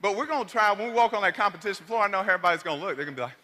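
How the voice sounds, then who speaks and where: A man with a Southern country accent giving an energetic motivational keynote, shouting and leading the crowd in call-and-response. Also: high voice, very fast. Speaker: motivational speaker. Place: large hall. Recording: echoey large hall with faint room noise.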